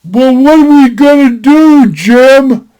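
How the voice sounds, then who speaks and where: A man's voice: very high-pitched, slow, dark tone, smooth, pitched above the performer's own voice. A man putting on a panicky whining young man. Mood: scared whining. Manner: whiny, frightened pleading.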